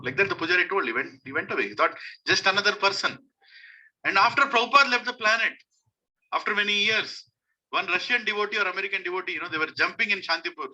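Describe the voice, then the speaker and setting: Indian man preaching, high sharp voice, hammers points home by repeating them. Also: very fast, muffled recording. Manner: emphatic, repeats key phrases. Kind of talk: devotional sermon to a congregation.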